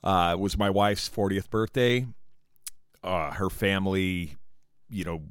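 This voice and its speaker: A man's voice: low-pitched, measured pace, clean tone, no room sound, clean studio sound. A man hosting his own podcast, talking loosely and rambling, jittery from caffeine. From Southern California. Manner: rambling, loose, swears casually, restarts. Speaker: podcast host. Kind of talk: casual solo podcast talk.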